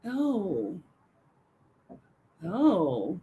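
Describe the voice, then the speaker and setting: A woman co-hosting a casual live-stream chat, animated and teasing, laughing often. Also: fairly low pitch, extremely slow, low-quality recording.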